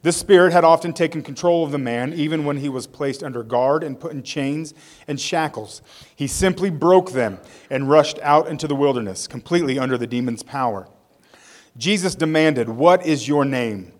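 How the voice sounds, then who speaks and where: A man's voice: fairly high pitch, moderate pace. A male pastor preaching a sermon. He reads scripture aloud, tells it as a story with casual asides, and leads a prayer.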